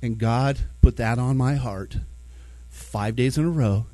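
A man telling a personal faith story, animated, acting out his own thoughts and the words of others. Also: mid-range voice, unhurried, no echo. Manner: animated, acts out his own inner dialogue.

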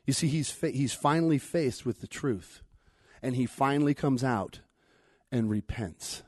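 A man preaching in a relaxed, conversational voice, rising to loud emphatic lines and dropping to near hushed ones. His pitch sits in an ordinary middle range. The sound is dry and close, with little room echo. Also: unhurried. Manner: conversational, dramatic shifts between loud and hushed. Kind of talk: sermon.

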